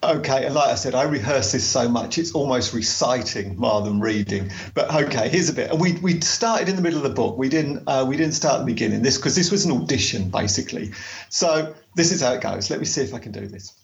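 A man chatting casually as a podcast co-host, animated and quick to laugh. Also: mid-range voice, gravelly, lo-fi sound. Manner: chatty, animated, laughs easily, slows down for a careful read-aloud. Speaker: podcast co-host and travel author.

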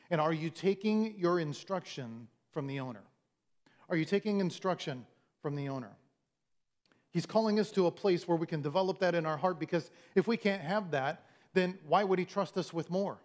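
A man preaching a sermon in a conversational, storytelling way, often restarting his words and acting out the lines of others. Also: fairly high pitch. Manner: conversational, storytelling with acted-out quotes. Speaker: pastor.

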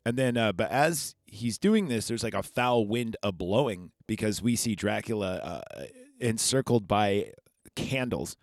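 In a studio-quality recording without room sound, a man with a lowish voice and lively intonation reviews a film on his podcast at a measured pace. His casual recap wanders, full of fillers and asides, into a podcast microphone.

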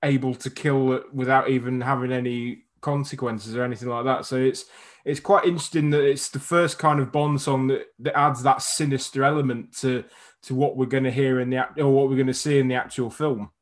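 A man's voice: mid-range voice, fairly even intonation, fairly quick. A man co-hosting a podcast, chatting loosely about film songs with lots of "kind of" and "you know". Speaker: podcast co-host. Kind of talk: casual chat about film music.

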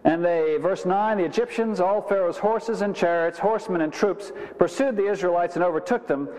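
A man preaching a sermon as pastor, animated, acting out quoted voices as he talks. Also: normal speed. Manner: animated, acts out quoted voices with rising pitch. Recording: dull reverberant hall recording.

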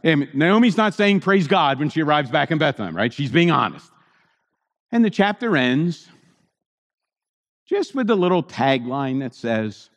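High-voiced, lively male preacher. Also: measured pace, long reverb tail. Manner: conversational, asks the congregation rhetorical questions. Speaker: pastor. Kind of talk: sermon. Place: church.

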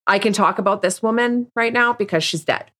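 A woman's voice: medium pitch, fairly quick, a bit bright. A woman speaking candidly as an interview guest, bluntly and with frequent restarts. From Canada. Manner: blunt, rambling, many restarts. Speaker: podcast guest.

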